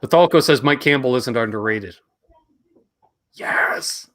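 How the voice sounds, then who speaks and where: A Canadian man with a fairly high, lively voice hosts a live stream chat. He talks in an animated, jokey way, with quick asides and a voice that rises and falls a lot. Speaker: host.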